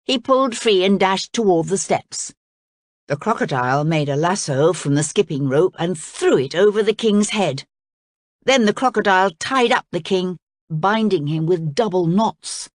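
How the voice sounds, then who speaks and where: Woman reading a children's story, lively. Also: on the low side, unhurried, no room sound, clean studio sound. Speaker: storybook reader. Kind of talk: children's story read aloud.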